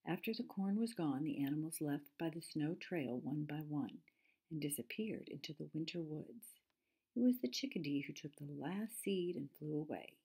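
A woman reading a children's storybook aloud in gentle, measured narration. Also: deep voice, expressive, creaky, breathy edge.

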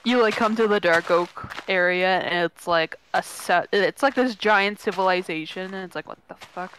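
A woman's voice: fairly low pitch, moderate pace, a bit bright, a little hiss or hum. Sarcastic woman trading jabs mid-game. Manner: dry, sarcastic comebacks. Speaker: co-player on a gaming stream. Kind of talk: casual gaming chat.

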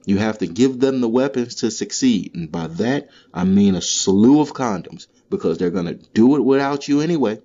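A man's voice: on the low side, lively intonation, normal speed, warm tone, dull audio. Profane man ranting on a podcast. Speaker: podcast host. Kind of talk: comedic podcast monologue. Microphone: solo podcast mic.

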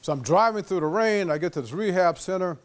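A man giving a lecture as an animated storyteller, acting out the voices of the people in his anecdote. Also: high-pitched, fast talker. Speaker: guest lecturer.

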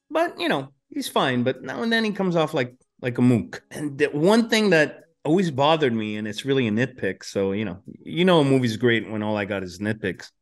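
Laid-back male host, mid-pitched voice, casual and swearing. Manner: relaxed, profane, enthusiastic about film. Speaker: podcast host. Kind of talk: casual podcast chat.

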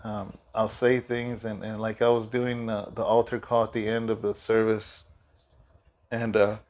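A man's voice: on the low side, little pitch movement, measured pace, a little mellow. A middle-aged man, a pastor, giving a casual devotional talk in a loose, rambling way with many fillers and restarts, sleepy and yawning.

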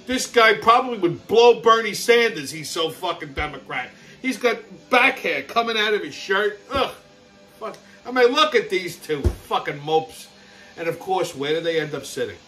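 A brash man tells a story as a loud, swearing comic rant. His voice sits high and bright, and it swings wildly up and down as he gets worked up. Faint music plays underneath. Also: lively intonation, normal speed. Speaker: show host.

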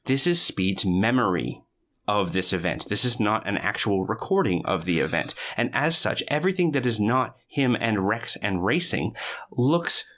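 A man with a low-pitched but bright, forceful voice talks through film scenes on a casual podcast. He tells them animatedly and with emphasis. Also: big pitch swings, normal speed.

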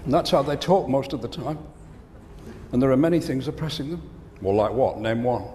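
A man's voice: mid-range voice, brisk, dark tone, slight background noise. A man giving a comic business keynote at a conference, delivering jokes and punchlines. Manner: joke-telling, punchline delivery. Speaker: keynote speaker. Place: conference hall. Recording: reverberant hall, faint ambience.

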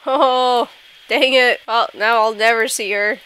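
A woman's voice: on the high side, fairly even intonation, takes it slowly, bright, forceful tone, clear, resonant tone, soft background music. A woman giving playful gameplay commentary, giggling often and getting mock-indignant. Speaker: gaming YouTuber.

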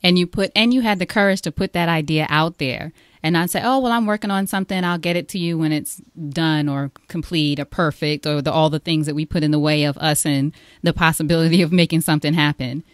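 A woman's voice: low voice, fairly even intonation, fairly quick, hardly any pauses, no room sound, clean studio sound. A woman hosting a casual interview, encouraging her guest and laughing along. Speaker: podcast host.

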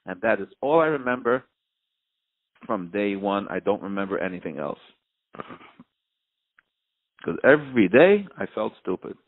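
A grieving middle-aged man speaks in a very low voice, hesitant and soft, often restarting as he searches for words. His voice seems close to breaking. The sound comes through a thin, tinny line like an old telephone. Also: very animated, measured pace, long pauses. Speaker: bereaved father, interview guest. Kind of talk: emotional personal testimony. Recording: narrow phone-like line.

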